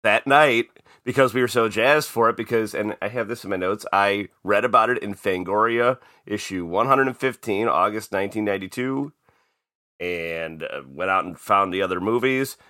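A man from Chicago, co-hosting a casual podcast and telling stories in a lively, profane way. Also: on the low side, moderate pace, dry recording, studio quality. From Chicago, USA. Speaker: podcast co-host.

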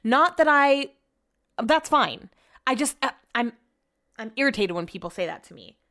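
Chatty woman with a smooth voice. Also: sits high, moderate pace. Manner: chatty, profane, animated retelling. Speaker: podcast host. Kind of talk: casual storytelling monologue.

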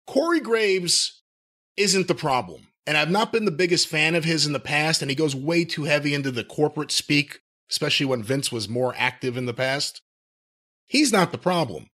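A man's voice: fairly high pitch, normal speed, sharp tone. A man co-hosting a podcast, wry and joking as he steers the casual chat between topics. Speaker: podcast co-host.

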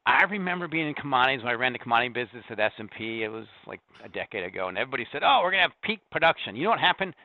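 A man's voice: mid-range voice, sing-song, dry recording. Middle-aged man, commodity analyst guest, dense with figures, heard over a thin phone-like line. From US Corn Belt. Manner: fast, data-heavy, restarts mid-sentence. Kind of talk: market interview. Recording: tinny phone-like line, dry.

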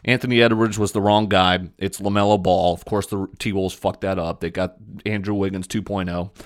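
A young male podcast host with a low voice speaks at a moderate pace with fairly even intonation. His casual sports monologue is blunt and opinionated, full of fillers.

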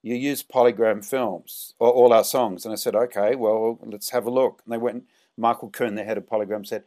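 A middle-aged Australian man, a film director, telling animated anecdotes in an interview and jumping up in pitch for quoted lines. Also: normal speed. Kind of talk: storytelling interview.

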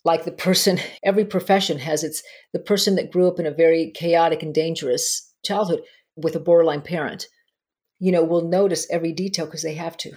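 Woman therapist chatting on a podcast, lowish voice, laughs a lot while telling stories. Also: fairly even intonation, fairly quick, a little mellow, slightly rough. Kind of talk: podcast conversation, storytelling.

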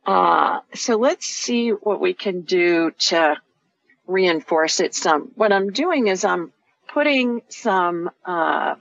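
Woman, radio call-in host, soothing, explains each step, lowish voice, dry muffled sound. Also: expressive, takes it slowly, gravelly, no room sound. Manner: soothing, explains steps as she goes. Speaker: radio show host and energy healer.

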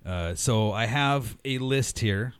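A man's voice: mid-range voice, takes it slowly, clean tone, no echo. A man co-hosting a casual podcast chat with a Pacific Northwest American accent, reading facts from a list and swearing freely. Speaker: podcast co-host.

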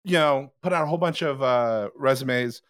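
A man's voice: medium pitch, normal speed, clear, resonant tone, dry recording. A man telling a story in a casual podcast chat, acting out the people in it, with many restarts and fillers. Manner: animated, acts out the other people in his story; frequent restarts and filler words.

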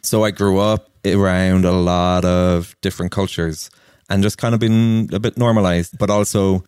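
Irish-born man in his 30s, very low and smooth voice, dry close sound, earnest storyteller. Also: steady tone, moderate pace, darkish tone, no room sound. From Ireland. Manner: earnest, personal, anecdotal. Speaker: interview guest. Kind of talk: reflective storytelling in conversation.

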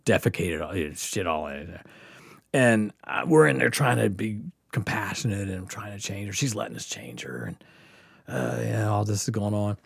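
Guy telling a story on a podcast, pitch all over the place, swears a lot, dry close mic. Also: normal speed, vocal fry, slightly rough, no room sound. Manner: animated, profane, laughs often, acts out quotes. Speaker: podcast host answering questions. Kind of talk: casual storytelling chat.

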